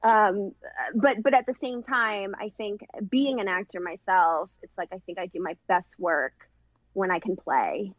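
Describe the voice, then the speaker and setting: A woman's voice: mid-range voice, measured pace, dry recording, muffled recording. Rambling woman director in an interview. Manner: warm, rambling, lots of restarts. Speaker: film director and actress. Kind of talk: casual interview chat.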